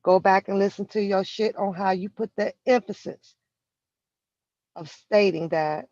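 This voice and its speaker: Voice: mid-range voice, unhurried, a little mellow, no echo. A vlogger delivering a heated, profane commentary rant from inside a vehicle. The speaker talks confrontationally and stretches out key words for emphasis. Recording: dull, lo-fi and dry.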